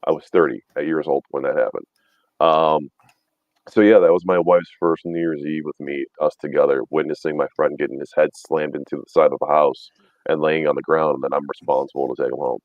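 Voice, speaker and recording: Deep-voiced profane storytelling man. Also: steady tone, brisk, no room sound, dull audio. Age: 30s. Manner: profane storyteller, laughs often. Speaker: podcast host. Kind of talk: casual chat.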